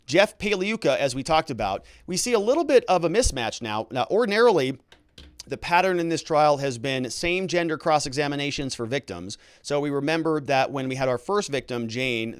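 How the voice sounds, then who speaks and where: Male lawyer host, casual explainer, lively pitch, dry close sound. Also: no room sound. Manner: conversational, explanatory, with filler words. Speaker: attorney commentator. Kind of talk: legal commentary.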